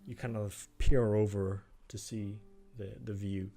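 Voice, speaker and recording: A man's voice: lowish voice, flat delivery, a little slow, warm tone, soft background music. A man narrating a tabletop game as game master, describing scenes with frequent ums.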